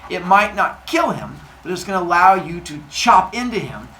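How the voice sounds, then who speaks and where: A man's voice: high voice, sing-song, moderate pace, sharp tone, slight background noise, full character voice. A man voicing a scheming female earth goddess in a told myth, barely changing his own voice. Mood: plotting.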